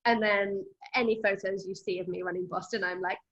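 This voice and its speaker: Woman host, lively storyteller, slightly muffled recording. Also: mid-range voice, a little fast. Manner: animated, quotes herself in lively bursts. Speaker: running coach and podcast host. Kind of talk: emotional conversational storytelling. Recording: slightly dull lo-fi audio.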